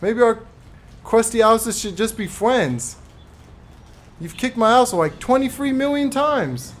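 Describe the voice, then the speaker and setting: A man's voice: extremely high pitch, animated, slight background noise, heavily acted. Tyrone, a man voicing a brash trash-talker. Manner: swaggering, taunting, quick to yell. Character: brash trash-talking male cartoon guy, hotheaded. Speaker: streamer. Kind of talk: voiced live gameplay stream.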